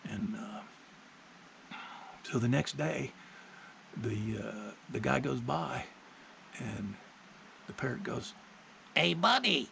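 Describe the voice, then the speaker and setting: Gravelly man talking plainly. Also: mid-range voice, a little hiss or hum, low-quality recording. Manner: plainspoken, unhurried storytelling. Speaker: vlogger. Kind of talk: casual spoken monologue.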